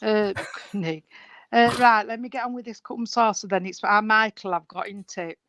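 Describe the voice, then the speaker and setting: A woman's voice: medium pitch, fairly even intonation, normal speed, a bit bright, slight background noise, poor audio. A woman working as a spiritualist medium, chatty and rambling, calling people sweetheart and darling as she gives a reading over a video call. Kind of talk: live mediumship reading at an online service.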